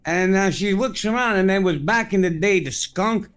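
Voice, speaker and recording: This is a man hosting a casual podcast, with a fairly high voice. He talks in a loose, rambling way, full of cursing and tangents. Faint music plays behind him. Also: normal speed, a bit bright, clear, resonant tone. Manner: profane, rambling storyteller. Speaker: podcast host. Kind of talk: casual chat.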